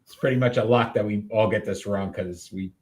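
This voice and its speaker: A man's voice: on the low side, brisk, darkish tone. A man co-hosting a sports picks show in casual banter, announcing the matchups and joking along.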